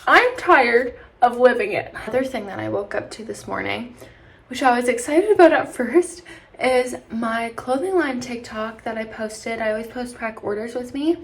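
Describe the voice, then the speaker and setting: A woman's voice: fairly high pitch, moderate pace. A young woman from British Columbia vlogging casually to camera, tired from lack of sleep, rambling with lots of "like" and restarts. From British Columbia, Canada. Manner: chatty, rambling, frequent "like" and restarts. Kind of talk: casual vlog talk to camera.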